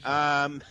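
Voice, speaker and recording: A man's voice: a little high, pushed and bright, smooth, dull audio. A Scottish man speaking as a guest medium in a casual interview, blunt and straightforward, rambling with lots of fillers. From Scotland.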